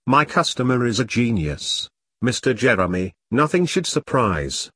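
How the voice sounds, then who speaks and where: A man voicing a brisk, tired businesswoman courier with a Chinese accent. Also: medium pitch, big pitch swings, breathy edge, dry recording, clean studio sound, heavily acted. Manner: businesslike, loud.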